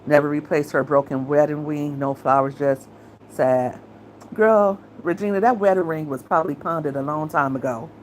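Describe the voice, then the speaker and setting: A woman's voice: low voice, fairly even intonation, normal speed, a little hiss or hum, low-quality recording. A middle-aged woman, talking bluntly and casually as she gives her opinions on her commentary channel.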